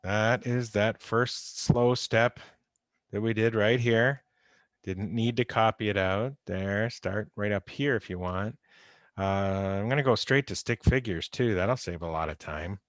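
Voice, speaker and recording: This man's voice is lowish and unhurried as he runs a conversational online chemistry lecture, restating key ideas and stressing cautions. He speaks into a computer microphone during a video call from home or an office, and the audio is studio quality with no echo.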